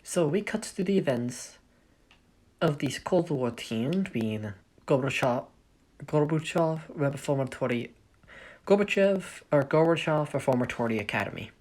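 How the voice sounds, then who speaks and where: A woman's voice: low voice, lively intonation, a little slow, a little mellow. A woman explaining the setup of her fan story in a casual, rambling way, often stopping to correct herself. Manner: rambling, self-correcting, thinking aloud. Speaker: fanfiction storyteller.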